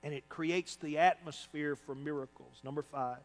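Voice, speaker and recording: A man's voice: a little high, fairly even intonation, moderate pace. A man preaching a sermon as pastor, emphatic and repeating phrases for effect. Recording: long hall reverb.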